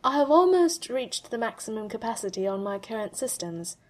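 A woman's voice: fairly high pitch, very animated, moderate pace, pitched above the performer's own voice. A woman voicing a hesitant, formal male AI. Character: polite formal male AI butler.

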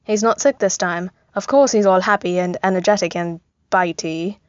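A woman's voice: on the low side, normal speed, dry recording, lo-fi sound, natural voice. A woman reading a story aloud, voicing a laid-back, wry grown man.

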